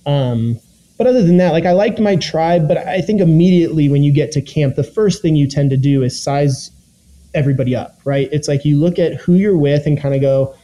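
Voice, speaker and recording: A man's voice: fairly high pitch, brisk, mellow, rough recording. A young man and former reality show contestant, casually recounting his experience with lots of fillers and self-quotes. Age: young adult. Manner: rambling, filler-heavy, quotes his own thoughts.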